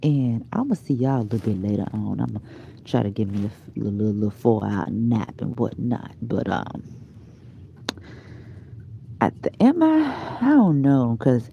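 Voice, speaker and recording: A woman's voice: rumbling low, expressive, normal speed, creaky, warm tone, slight background noise. A tired woman vlogger chatting casually to her viewers, rambling and drifting into whispers. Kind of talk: rambling casual live chat.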